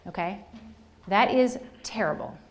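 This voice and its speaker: A woman from New Jersey giving a lively, conversational workshop presentation to educators, often checking in with the audience. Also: medium pitch, measured pace. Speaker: conference presenter. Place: presentation room.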